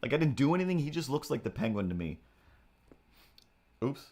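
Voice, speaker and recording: A man's voice: medium pitch, big pitch swings, brisk, dark tone. A man hosting a live drawing stream, rambling casually with restarts and asides. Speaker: streamer and artist.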